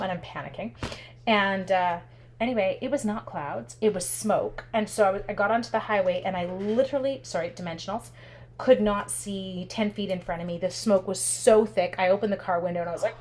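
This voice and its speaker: A woman's voice: mid-range voice, a little fast, a little hiss or hum. A chatty woman giving a casual craft tutorial while telling stories as she works. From Canada. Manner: chatty, animated, talks while working with her hands. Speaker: craft demonstrator.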